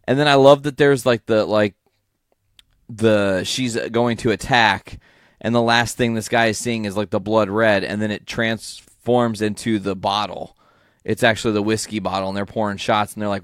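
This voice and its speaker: Dude cohosting a comics podcast, swears a lot, gets hyped, dry close mic. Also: male voice, medium pitch, normal speed, fairly bright tone, no echo. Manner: enthusiastic, profane, rambling. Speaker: podcast co-host. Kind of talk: casual comic book chat.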